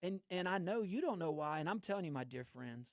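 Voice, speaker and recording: Animated man ranting politics. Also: high voice, a little fast, no room sound, studio quality. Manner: animated, ranting, laughs often. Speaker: host. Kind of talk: political commentary.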